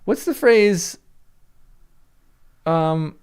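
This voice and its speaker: A man's voice: sits high, expressive, drawn-out words, darkish tone, smooth. A man hosting a livestream, chatting casually and answering viewers' comments, laughing often. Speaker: livestream host.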